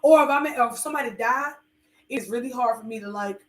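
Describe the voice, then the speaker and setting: A woman talks in a loose, rambling way, full of fillers and candid asides. Her voice sits a little high, and it echoes around the room. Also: fast talker. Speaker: podcast co-host. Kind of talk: casual chat with her husband.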